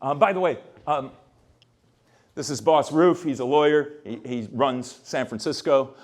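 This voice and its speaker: A man's voice: medium pitch, measured pace. A man, a history professor, giving an informal workshop lecture in a rambling, conversational way, full of restarts and checks like "right?".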